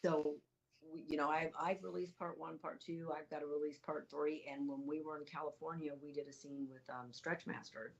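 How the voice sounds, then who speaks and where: A woman's voice: deep voice, steady tone, moderate pace, gravelly, highs cut off. A woman guest on a show, chatting casually and hesitantly, with lots of fillers. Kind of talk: casual interview chat.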